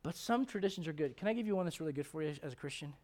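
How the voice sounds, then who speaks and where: A middle-aged male pastor preaching a sermon in a church, animated and joking, swinging from loud to hushed. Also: a little high, rapid-fire.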